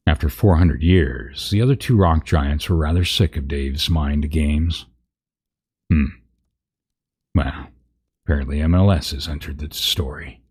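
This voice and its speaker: Very deep, husky man reading a comic story. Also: measured pace, pauses often, a little mellow. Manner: reads aloud with wry asides at misread words. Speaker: narrator.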